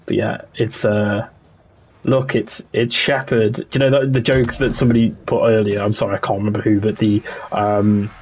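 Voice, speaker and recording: A young man streaming a game, chatting in a relaxed, rambling way and answering his chat as he plays. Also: lowish voice, moderate pace, a little hiss or hum. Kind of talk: casual livestream chat.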